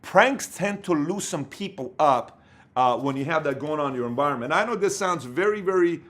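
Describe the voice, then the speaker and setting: A man giving a motivational business talk, telling stories in an animated, rambling way with many fillers. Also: on the high side, normal speed. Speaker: company leader giving business advice.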